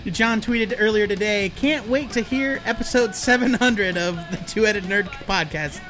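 A man's voice: sits high, normal speed, fairly bright tone, faint music behind. A man co-hosting a casual comics podcast, wry as he reads news items aloud. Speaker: podcast co-host.

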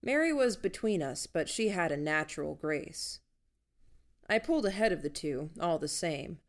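A woman reading a first-person story aloud in an even, measured storytelling manner. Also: low-pitched. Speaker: audiobook narrator. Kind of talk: first-person audiobook narration.

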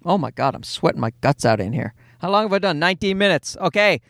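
Guy with a high voice rambling jokey dad stories, dry close sound, lots of restarts. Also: animated, fast, gravelly, a bit bright, dry recording. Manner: rambling, self-mocking, jokey storytelling with restarts. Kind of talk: casual anecdotal monologue.

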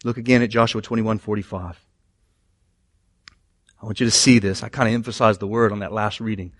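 A man preaching a sermon in an animated way, moving between loud emphasis and quiet asides. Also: lowish voice, brisk, dry recording, clean studio sound. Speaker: pastor.

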